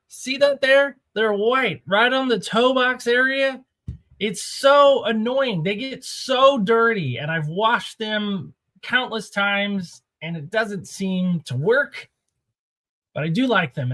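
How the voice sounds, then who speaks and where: A man with a slightly raised pitch hosts a casual countdown vlog. He talks in a relaxed, chatty way and playfully builds suspense before each reveal. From Oregon. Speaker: host of a sneaker countdown show. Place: small home studio.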